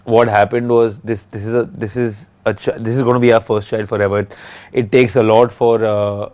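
This thirty-something podcast co-host has a lowish, somewhat dark voice with a level tone, and he talks a little fast. He chats casually with his wife on their show, joking and wandering off topic, interrupting himself, and he's clearly short on sleep.

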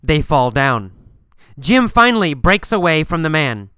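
A man teaching English pronunciation, telling a story slowly and repeating each phrase for learners to copy. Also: on the high side, big pitch swings, no echo. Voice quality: crisp, clear, bright voice. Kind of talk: slow, deliberate language-lesson storytelling.

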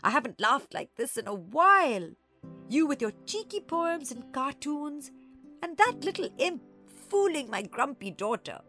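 A woman's voice: high-pitched, big pitch swings, measured pace, bright, forceful tone, soft background music, voice pushed up, heavily acted. A woman voicing an older woman who laughs fondly at schoolgirls' pranks. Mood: amused. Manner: chuckling, fond. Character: kindly old woman, warm and teasing.

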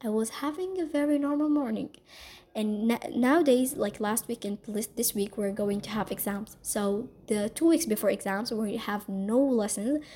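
A woman talks through a personal story in a mellow, warm voice. She rambles and gossips, checking in with "okay?" and filling gaps with "like". It plays as a casual podcast monologue. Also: fairly high pitch, normal speed. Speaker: podcast host.

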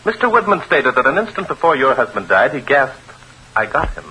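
A man playing a calm, probing gentleman detective in a 1940s radio drama, measured and smooth. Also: mid-range voice, slight background noise, poor audio. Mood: cool.

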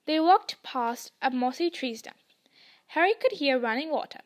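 High-voiced woman reading a story. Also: animated, moderate pace. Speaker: podcast reader. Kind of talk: audiobook narration.

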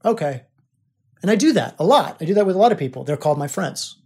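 A man's voice: high-pitched, animated, fast, a little mellow, breathy edge. A man hosting a podcast as a coach, teaching in an emphatic, repetitive way. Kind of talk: spiritual coaching monologue.

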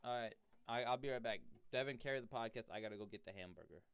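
Bright, dry-voiced teasing young man. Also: mid-range voice, fast talker, clean tone, no room sound. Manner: teasing, playful. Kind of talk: casual chat.

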